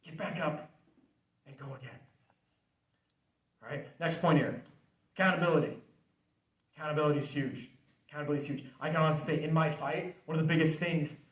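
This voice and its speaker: A man's voice: a little high, steady tone, brisk, long pauses, far from the mic. Earnest young man speaking in a roomy hall. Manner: earnest, conversational, repeats key phrases. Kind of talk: faith-based motivational talk. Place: student center hall.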